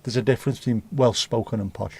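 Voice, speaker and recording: Swearing livestream host. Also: male voice, mid-range voice, steady tone, fast, vocal fry, a little mellow, breathy edge. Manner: banter with swearing and mock accents. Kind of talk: casual livestream chat.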